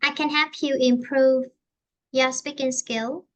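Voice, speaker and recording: A woman with a Vietnamese accent teaching an online English lesson, explaining slowly in simple English and repeating herself. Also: high voice, flat delivery, muffled recording.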